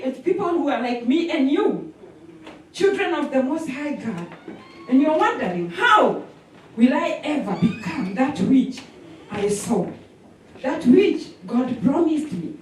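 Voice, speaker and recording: A woman preaching a sermon, animated, with repetition and call-and-response. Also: high-pitched. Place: church sanctuary. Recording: echoey hall from a distance.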